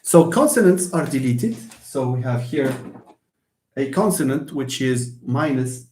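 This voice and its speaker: A man's voice: medium pitch, expressive, a little mellow, reverberant. A man lecturing a class, thinking aloud with frequent restarts and hesitations. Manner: slow, halting, thinks aloud with many restarts. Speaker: linguistics lecturer.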